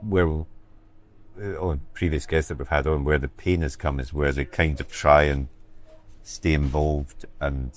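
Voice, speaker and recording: A man hosting a writers' podcast, speaking in a measured, reflective way in conversation with a guest. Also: very deep voice, steady tone. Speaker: podcast host. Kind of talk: casual interview chat.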